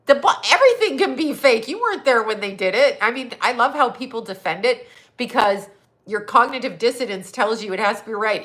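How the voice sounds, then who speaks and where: A middle-aged woman, a psychic and astrologer, chatting on a livestream in a hoarse, scratchy voice, mocking and sarcastic, laughing often and swearing. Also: a little high, fairly bright tone. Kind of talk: casual livestream chat.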